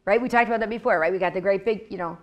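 A woman leads a Bible study in a relaxed, conversational way. She repeats her points for emphasis and keeps checking in with "okay?" and "right?". She also voices the quoted lines with animated expression. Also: mid-range voice, racing. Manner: animated, acts out God's words. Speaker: Bible teacher.

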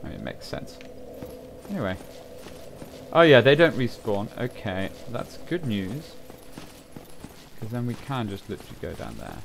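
A man's voice: lowish voice, sing-song, moderate pace, vocal fry, long pauses, slight background noise. A man casually commenting while he plays a video game, chatty and given to sudden exclamations and swearing, with game music behind him. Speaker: gaming channel host. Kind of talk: casual let's-play commentary.

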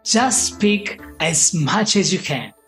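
A man's voice: sits high, animated, slow pace, fairly bright tone, faint music behind. A man in his thirties with an Italian accent, giving an upbeat, scripted English lesson straight to the viewer. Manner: upbeat, direct, encouraging. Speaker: English teacher.

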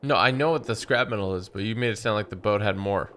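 A man's voice: lowish voice, fast, a bit bright, slight background noise. A man hosting a casual co-op gaming chat, trading dry, teasing asides with his partner. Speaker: gaming channel host.

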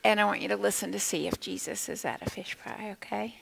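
A woman storyteller at children's time in a church, with a mid-pitched voice that has a gravelly edge. She keeps the children involved by asking them questions and sometimes lowers her voice to a whisper for effect. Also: fairly quick, background noise. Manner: animated, asks the children questions, drops to a whisper at times. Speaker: children's minister. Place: church sanctuary.

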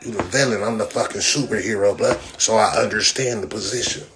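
A man's voice: lowish voice, brisk. Brash profane man ranting on a livestream. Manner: brash, profane, mocking trash talk. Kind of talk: livestream rant. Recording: noisy phone livestream audio.

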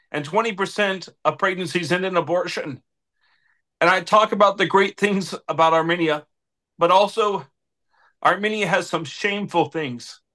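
A man's voice: high voice, pushed and bright. A man speaking as an interview guest, making an impassioned, preacher-like plea with repeated appeals to God. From United States. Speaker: guest, political adviser.

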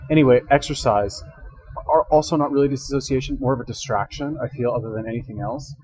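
A man's voice: mid-range voice, quick pace, darkish tone, breathy edge, dry recording, rough recording. Rambling man on a headset. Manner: rambling, thinks aloud, self-correcting. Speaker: reaction video host. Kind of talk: casual commentary.

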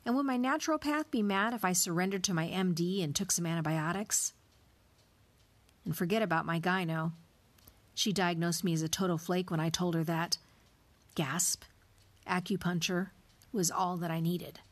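Reflective woman narrating, low-pitched. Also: normal speed. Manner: reflective, slips into soft whispers. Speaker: podcast host. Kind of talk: scripted personal storytelling.

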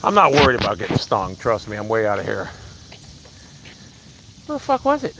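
A man livestreaming outdoors on his phone, rambling excitably to his viewers and swearing freely. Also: lowish voice, normal speed, very noisy. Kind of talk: outdoor live stream chat. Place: outdoors by a hill.

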